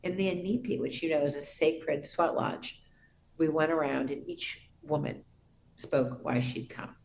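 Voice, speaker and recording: A middle-aged woman, a podcast guest, telling a personal story in an earnest, reverent way with soft restarts. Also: low-pitched, unhurried, vocal fry, slight background noise, low-quality recording.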